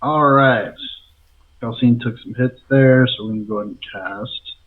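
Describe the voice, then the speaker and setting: A man's voice: mid-range voice, a little slow. A man playing a tabletop game, methodically thinking his turn through aloud. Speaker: player. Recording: phone-like narrow sound.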